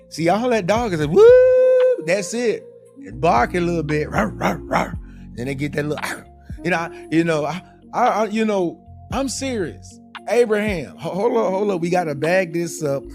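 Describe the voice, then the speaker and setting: A man hosting a live stream, reading viewer comments aloud in a playful, animated way with lots of repeats and stammers. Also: a little high. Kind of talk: casual live-stream chat.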